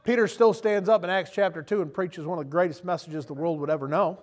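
A preacher with a high, ringing voice delivers an impassioned sermon. He drops to quiet asides, then builds to loud calls, and plays out other people's voices as he goes. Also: fast talker. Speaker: pastor.

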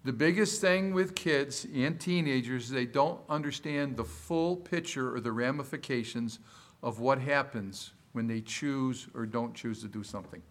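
A pastor preaching a sermon to his congregation, quoting scripture in a lively voice and putting questions to the room. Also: medium pitch, unhurried. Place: church service.

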